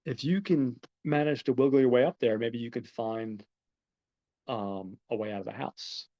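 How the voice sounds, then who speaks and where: A man's voice: medium pitch, moderate pace, mellow, muffled recording, natural voice. A man voicing a determined young captive boyfriend, urgent and coaxing, close to his own voice.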